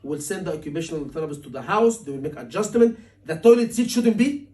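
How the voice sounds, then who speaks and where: A man teaching a surgery exam class, animated and asking his students questions often, acting out patient lines. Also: a little high, quick pace. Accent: Liverpool. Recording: voice from a distance.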